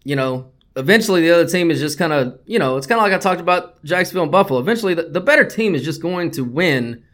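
A man's voice: fairly high pitch, expressive, fast, fairly bright tone. A man hosting a sports betting podcast, talking bluntly and swearing a lot as he gets worked up. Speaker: podcast host.

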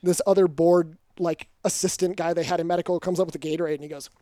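A man's voice: a little high, quick pace, no room sound. A young man casually telling a story on a podcast, acting out quotes with swearing. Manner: animated, acts out quotes with swearing.

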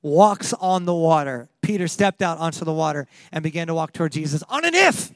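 A man with a notably high voice delivers a lively sermon, laughing often and acting out the people in his story. The sound is close and dry, with no room around it. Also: brisk, no echo. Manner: animated, laughing, acting out quotes. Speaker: pastor.

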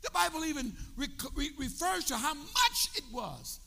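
A bishop preaching a sermon, drawing call-and-response from his congregation and building from quiet explanation up to shouts. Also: very high voice, very animated, moderate pace, vocal fry. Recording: long reverb of a large hall.

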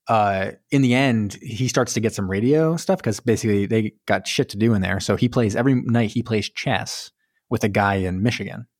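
A man's voice: on the low side, no room sound, clean studio sound. A man co-hosting a casual movie recap chat, rambling and joking as he acts out the characters' lines. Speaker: podcast co-host.

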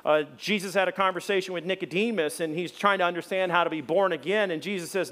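A middle-aged pastor preaches in a church, his slightly raised voice folksy and conversational. He drops into loud, acted-out quotes whenever he tells a story. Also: high-pitched, fast, few pauses. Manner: animated storyteller, acts out loud shouted quotes; folksy, conversational, many fillers. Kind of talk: sermon with personal stories. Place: church sanctuary before a congregation.

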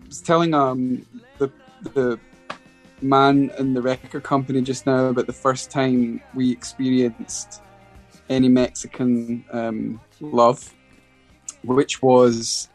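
A man's voice: mid-range voice, takes it slowly, soft background music. A Scottish man, a guest musician, telling a casual anecdote in an interview, hesitant with many restarts. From Scotland. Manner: hesitant, restarts often, animated storytelling.

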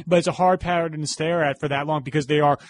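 Male co-host, New York accent, rambling trivia-driven film chat, a bit high-pitched. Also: fairly even intonation, quick pace. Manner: rambling, trivia-heavy, hesitant restarts. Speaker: podcast co-host. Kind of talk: casual film review chat.

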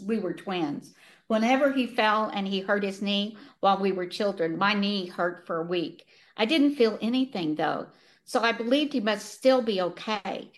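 An older woman, a retired author, reading her own novel aloud with earnest feeling and laughing easily as she chats. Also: medium pitch.

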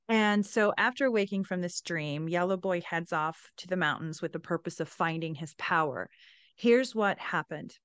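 A woman's voice: fairly low pitch, moderate pace, a bit bright, clean tone, no echo. A woman hosting a podcast, retelling a novel with enthusiasm and reading excerpts. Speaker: podcast host. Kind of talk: storytelling reading with commentary.

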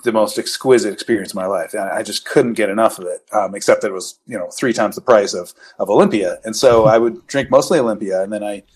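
A man's voice: lowish voice, quick pace, hardly any pauses, darkish tone, slightly rough. Middle-aged male podcast host, explaining. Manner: explains beer tasting in detail, quizzing guests. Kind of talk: casual podcast chat.

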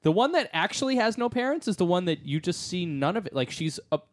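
A man's voice: high voice, sing-song, quick pace, no room sound, studio quality. Rambling man in a casual movie chat. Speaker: podcast co-host.

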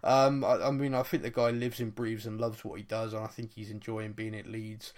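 A man's voice: lowish voice, little pitch movement, brisk, a little mellow. A man hosting a casual football podcast, chatty and jokey, now and then slipping into mock voices. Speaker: podcast host.

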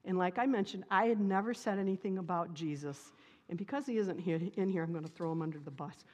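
A middle-aged woman pastor giving a sermon, telling personal stories in a lively, playful way. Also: lowish voice, fast talker. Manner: lively, animated storytelling with playful humor. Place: church sanctuary. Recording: reverberant church sanctuary.

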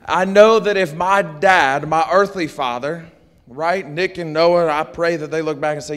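A man preaching a sermon, animated and joking, with call-and-response asides to his congregation. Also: a little high, a little slow. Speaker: pastor. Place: church sanctuary. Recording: long hall reverb.

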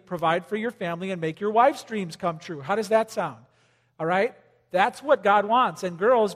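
Middle-aged male pastor, high-pitched, emphatic sermon delivery, reverberant sanctuary. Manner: animated, emphatic preaching with sudden loud bursts and quiet drops. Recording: long hall reverb.

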